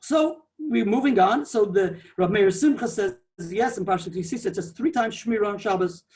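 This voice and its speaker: A man, a rabbi, giving a digressive, animated Talmudic lecture peppered with Hebrew and Yiddish terms. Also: high voice, normal speed. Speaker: rabbi teaching a Torah class.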